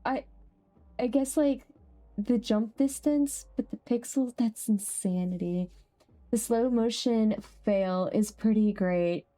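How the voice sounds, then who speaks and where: A young woman streaming a game, chatting casually with viewers, laughing easily and jumping up high when something amuses her. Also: takes it slowly, mellow. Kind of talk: casual live-stream chat.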